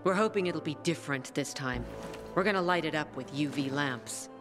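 A woman's voice: deep voice, normal speed, music in the background, lightly acted. An actress playing a blunt, irritated woman who hands out orders. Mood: brusque. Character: brusque woman giving a mission.

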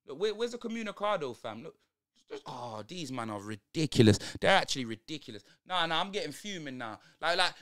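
A man's voice: high-pitched, pushed and bright. A young man ranting through a live football watch-along, heavy on street slang and exasperation.

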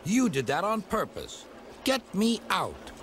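A man's voice: lowish voice, very animated, unhurried. A man voicing a cheeky, boastful young male tank engine in a storybook. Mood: upset. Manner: boastful, teasing. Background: music.

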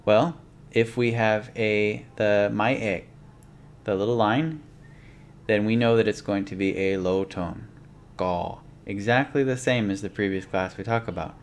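A man's voice: fairly low pitch, a little slow, slight background noise. A man teaching a language lesson, explaining rules patiently and methodically and stepping through examples one by one.

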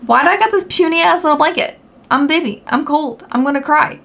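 A woman's voice: high-pitched, quick pace, creaky, a bit bright. A woman giving let's play commentary, repeating short phrases over and over, swearing and exasperated, in a noisy recording. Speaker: gaming video host.

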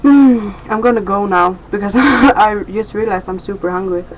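A woman's voice: medium pitch, moderate pace, a little hiss or hum, poor audio. A young woman chatting in a rambling, playful way in a casual daily vlog from home. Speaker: vlogger.

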